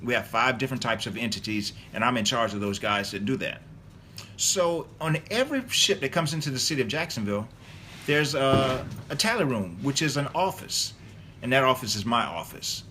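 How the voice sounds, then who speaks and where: Middle-aged male author, casual, rambling with fillers; bright, forceful tone. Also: mid-range voice, animated, moderate pace, slight background noise. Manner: rambling, many fillers and restarts. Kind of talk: casual interview answers.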